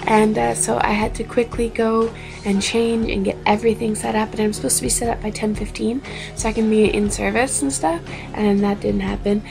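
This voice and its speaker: A young woman in her twenties tells stories in a chatty video diary, her voice gravelly and pitched a little high. She acts out quotes with animated jumps in tone, and faint music plays behind her. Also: a little fast. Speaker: vlogger. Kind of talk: casual storytelling vlog.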